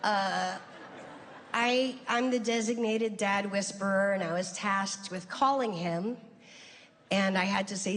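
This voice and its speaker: A woman's voice: mid-range voice, fairly even intonation, measured pace. A middle-aged woman doing stand-up, telling a family story in a loose, conversational way and acting out relatives' voices. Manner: conversational, lots of "like" and restarts, acts out family members' voices. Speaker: stand-up comedian. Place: comedy stage in a large venue. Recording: reverberant hall with faint ambience.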